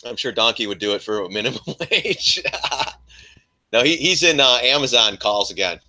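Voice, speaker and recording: An older man hosting a casual live trading stream, talking in an animated, mocking way and laughing often. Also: medium pitch, moderate pace. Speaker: live stream host, trader.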